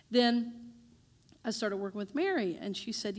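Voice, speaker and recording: A woman's voice: mid-range voice, expressive, moderate pace, pauses often. A woman minister giving a chatty, conversational sermon in a church, joking with her congregation. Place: church sanctuary.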